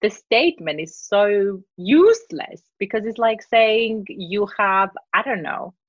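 A British woman in casual chat, talking in a thoughtful, questioning, animated way. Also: mid-range voice, measured pace, no echo. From Britain. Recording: slightly dull dry recording.

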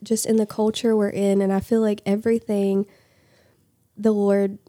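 A woman's voice: medium pitch, level tone, moderate pace, warm tone, dry recording, studio quality. A woman in a casual faith discussion, talking earnestly and thinking aloud.

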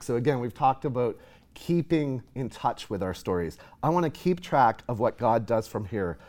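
Pastor guy preaching in church, gets emotional, reads scripture loud and emphatic, normal pitch voice. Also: animated, brisk. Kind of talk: sermon.

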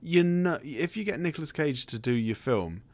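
A man hosts a podcast and chats about a film in a wry, talkative manner, asking leading questions. His voice is on the high side, with lively intonation and a normal speed.

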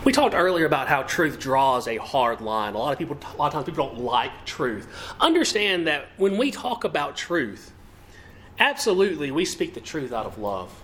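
A male preacher delivers a sermon in a slightly high voice. His pitch rises and falls widely as he leans on rhetorical questions. A faint hum of ambience sits behind him. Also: very animated, normal speed, a bit bright. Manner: emphatic, rising and falling delivery with rhetorical questions.

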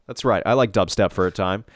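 A man's voice: lowish voice, moderate pace, no echo, studio quality. A man co-hosting a podcast, steering the conversation and reading news items aloud in casual chat. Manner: leads the segment, reads news items aloud. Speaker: podcast co-host.

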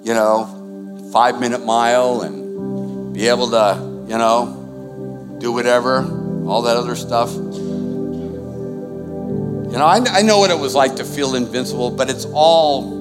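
A man's voice: mid-range voice, a little slow, long pauses. A man, preaching a conversational sermon with sudden swings in volume. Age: 60s. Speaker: pastor. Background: new-age music.

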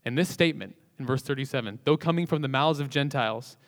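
A man's voice: mid-range voice, quick pace. A male pastor delivering an earnest sermon, his emphasis rising and falling. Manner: earnest, rises and falls in emphasis, occasional light laughs. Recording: long hall reverb.

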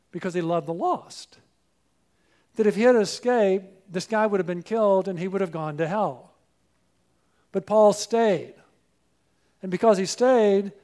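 A middle-aged man, a pastor, preaching a sermon that swings from hushed to loud. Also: high voice.

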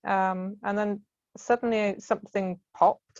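A woman's voice: mid-range voice, flat delivery, unhurried, a little mellow, no room sound. Chatty woman on a muffled call. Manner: chatty, laughs often, acts out quoted voices. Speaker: podcast guest. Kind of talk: casual storytelling. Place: at home. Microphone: remote call. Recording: slightly muffled call audio.

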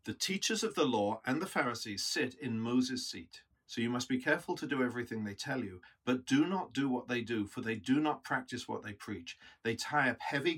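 A grave male teacher speaks stern, solemn rebukes, as a man reads him aloud. His voice is husky and mid-pitched. The reading leans hard on key words. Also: fairly bright tone. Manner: solemn, emphatic scripture reading.

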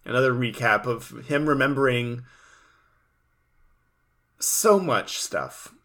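A man co-hosting a casual recap podcast, with a mid-range voice and an even delivery. He throws in dry, offhand sarcasm and deadpan asides. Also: mid-range voice, takes it slowly. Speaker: podcast co-host. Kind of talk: casual episode recap chat.

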